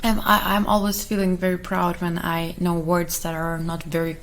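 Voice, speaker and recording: A woman whose first language is Russian, chatting in a soft ASMR voice, giggling often and rambling, sometimes whispering. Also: fairly low pitch, level tone, normal speed, poor audio. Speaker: ASMR creator. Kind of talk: soft-spoken ASMR chat.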